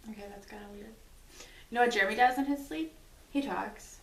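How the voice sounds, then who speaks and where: A woman's voice: a little high, brisk, far from the mic. A woman in her twenties chatting casually in a couple's question-and-answer video, telling stories with lots of "like" and frequent laughs. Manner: chatty, giggly storyteller, lots of "like". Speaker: vlogger. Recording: echoey room, away from the mic.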